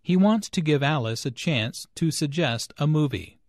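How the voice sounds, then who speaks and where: A man explaining spoken English phrases in clear, patient scripted narration. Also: on the high side, animated, moderate pace, few pauses, no room sound, studio quality. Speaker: English teacher.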